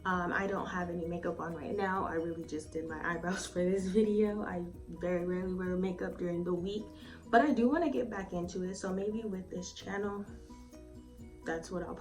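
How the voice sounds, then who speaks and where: Faint music and a slightly distant mic frame this casual home review by a beauty vlogger whose voice is mid-range and a bit mellow. She rambles in a chatty way, cursing freely and leaning heavily on "like" and "um."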